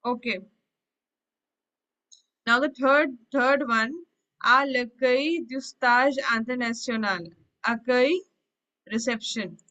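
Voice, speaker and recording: A woman with a slightly high voice runs a language lesson. She reads a French phrase and then explains it in plain English, one step at a time, in a patient teaching tone. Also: takes it slowly, pauses often, pushed and bright, muffled recording. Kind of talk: online language class explanation.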